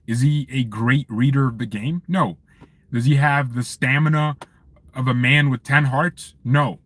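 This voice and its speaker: Man, casual live-stream host, animated, joking, ranting, sitting in a car. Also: medium pitch, a little slow, dry recording. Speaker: fan channel host. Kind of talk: casual live-stream chat reading viewer messages.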